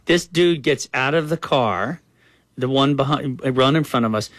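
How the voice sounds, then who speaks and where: A man's voice: medium pitch, moderate pace, no echo. A man as a political guest, answering in a frank, earnest conversational way and often saying "you know".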